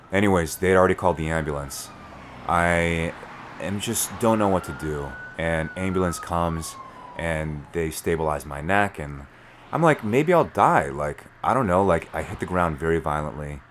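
A man, telling a story as a podcast guest in an animated way, full of fillers. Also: a bass voice, slight background noise. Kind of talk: storytelling in conversation.

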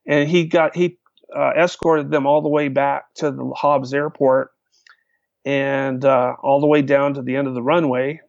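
A man with a gravelly, creaky voice telling casual stories at length, rambling and restarting as he goes. The recording is dry and close but dull and lo-fi. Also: mid-range voice, little pitch movement, a little slow, no room sound. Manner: rambling, with many restarts and fillers. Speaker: guest pilot telling stories. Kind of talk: casual storytelling. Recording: dull, lo-fi sound.

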